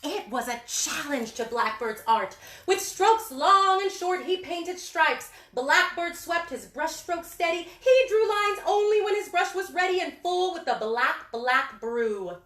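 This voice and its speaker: Lady doing kids story time, bright voice, slow and singsong, echoey room. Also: extremely high pitch. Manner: animated, singsong, talks to young kids. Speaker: artist reading picture books to children. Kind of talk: children's story time read-aloud. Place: indoor room with books.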